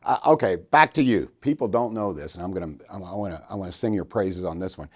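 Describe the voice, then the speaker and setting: A man hosting a podcast, telling stories in an animated, joking way. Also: sits low, quick pace. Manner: animated, jokey storyteller. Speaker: podcast host. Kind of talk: storytelling interview.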